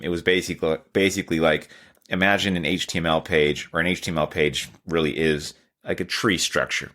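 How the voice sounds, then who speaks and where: A man's voice: sits low, steady tone, brisk, fairly bright tone. A man, telling a candid, self-deprecating story in a casual podcast chat. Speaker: podcast host.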